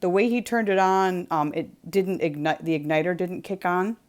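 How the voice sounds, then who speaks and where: With a fairly low voice at normal speed, a woman from New England tells a rambling story during a craft livestream. She's at home near the kitchen, chatting casually and using plenty of ums and likes.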